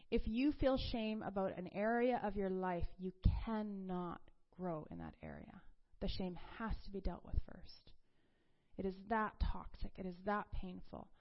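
Earnest woman counselor sharing faith stories. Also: medium pitch. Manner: earnest, confiding, voice drops soft and breathy at tender points. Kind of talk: personal faith talk. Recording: slightly dull lo-fi recording.

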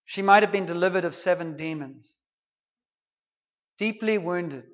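High-voiced man preaching a sermon. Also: a little slow, dull audio. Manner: storytelling, earnest, conversational.

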